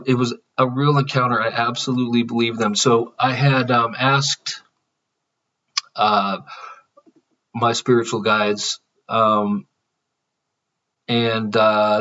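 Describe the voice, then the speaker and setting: A man's voice: mid-range voice, a bit bright, distant mic, muffled recording. A man talking casually to his channel, rambling with many fillers and restarts. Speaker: channel host. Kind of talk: casual spiritual vlog monologue.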